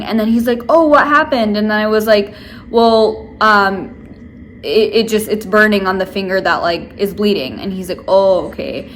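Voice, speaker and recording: A woman's voice: medium pitch, a little hiss or hum. Young woman rambling in a casual vlog. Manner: rambling, venting, many filler likes. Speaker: vlogger. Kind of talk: casual chat to camera.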